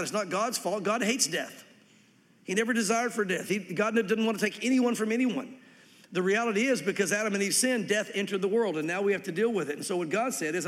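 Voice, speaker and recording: A man's voice: high-pitched, fairly bright tone, big-room sound. A man preaching a sermon as pastor, reading scripture and acting out quoted voices with animation.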